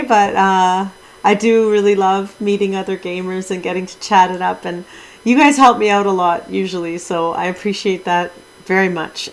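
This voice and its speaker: A woman's voice: mid-range voice, rough recording. A middle-aged woman streaming a video game, talking casually with her chat and exclaiming with mild minced oaths as she plays. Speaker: Twitch streamer. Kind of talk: casual gaming livestream chat.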